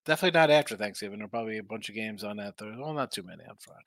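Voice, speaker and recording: A man's voice: on the low side, racing, a bit bright, no room sound. A tired man hosting a sports betting live stream, chatting casually and reading viewer comments aloud in a laid-back, slangy, rambling way. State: tired, yawning, injured arm. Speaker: sports betting show host.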